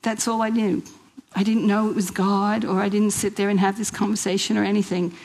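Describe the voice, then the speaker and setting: A woman's voice: mid-range voice, little pitch movement, brisk, darkish tone, low-quality recording. Earnest middle-aged woman from New York. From New York, USA. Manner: emotional, earnest, with hesitations. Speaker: speaker. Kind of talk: personal testimony talk.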